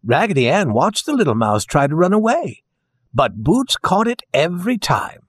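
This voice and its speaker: A man narrating a children's storybook in a slow, gentle, expressive way. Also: on the high side, breathy edge, dry recording, studio quality.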